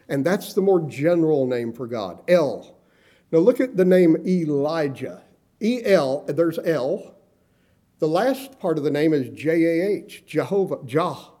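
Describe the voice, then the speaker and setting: Emphatic preaching man, mellow voice. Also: fairly high pitch. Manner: emphatic preaching, slowing on key words. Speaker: pastor. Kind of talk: sermon.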